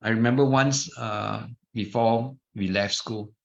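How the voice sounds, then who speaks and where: A man's voice: fairly low pitch, steady tone, unhurried, vocal fry. A middle-aged man with a Malaysian English accent, giving an informal dharma talk full of anecdotes, chatty with restarts and asides. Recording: muffled lo-fi recording.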